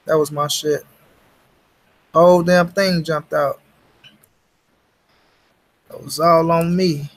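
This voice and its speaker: A man's voice: fairly high pitch, little pitch movement, slow, pauses often. Slangy, profane man hosting a livestream. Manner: slangy, profane, talks to chat. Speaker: livestream host. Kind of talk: casual livestream chat.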